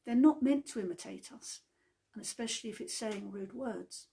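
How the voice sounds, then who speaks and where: A woman gives a gentle devotional talk, telling stories in an unhurried, chatty way. Her fairly high voice has a gravelly, husky edge, and she speaks slowly.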